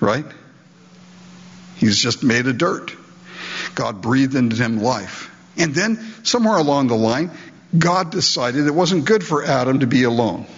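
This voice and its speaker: A man's voice: mid-range voice, breathy edge, big-room sound, highs cut off. A man preaching a sermon in an emphatic, conversational way, full of rhetorical questions. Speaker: pastor.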